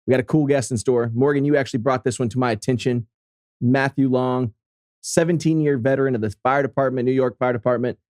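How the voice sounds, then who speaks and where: A man with a medium-pitched voice hosts a podcast. He introduces segments and guests in an upbeat, friendly way. The sound is dry and close to the mic. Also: a little mellow, no room sound. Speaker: podcast host. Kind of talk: casual chat and sponsor read.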